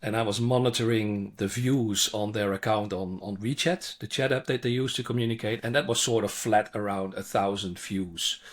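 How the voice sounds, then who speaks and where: A man, a China expert answering interview questions in animated, conversational English full of restarts. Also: fairly low pitch, normal speed, hardly any pauses. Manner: animated, frequent restarts and repeated words.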